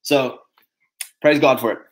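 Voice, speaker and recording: A man hosting a casual livestream, talking to his viewers in an energetic, preachy way. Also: mid-range voice, measured pace, rough recording. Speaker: host.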